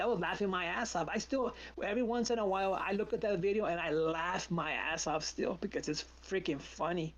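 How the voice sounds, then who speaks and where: A man's voice: sits high, brisk, few pauses, highs cut off. A man hosting a live trading stream, chatting casually and telling stories with acted-out quotes. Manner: animated storyteller, acts out quotes.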